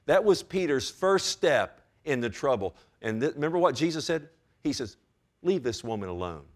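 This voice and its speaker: A man's voice: a little high, expressive, moderate pace. A man preaching a sermon as pastor, with emphatic rises and direct calls to his congregation.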